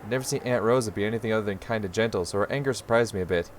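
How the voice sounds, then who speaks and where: A man's voice: fairly low pitch, very fast, slight background noise. Profane young man reacting to a story game. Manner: loud, profane outbursts of reaction. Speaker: gaming streamer. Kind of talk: let's play, reading story aloud and reacting.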